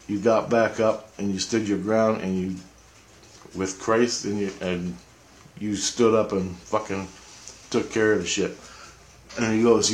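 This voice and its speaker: A man vlogging a rambling, profane account of a dream, repeating himself and circling back. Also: lowish voice. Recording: echoey room.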